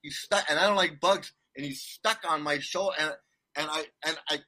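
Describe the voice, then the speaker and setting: A man's voice: on the high side, normal speed, pushed and bright. A man telling a rambling travel story in casual chat, laughing often and restarting his sentences. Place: condo abroad.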